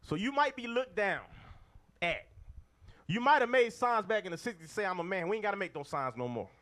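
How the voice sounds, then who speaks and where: Man, preacher, high-pitched, very animated, emphatic, call-and-response. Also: fairly quick. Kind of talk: street-style sermon to a group of men.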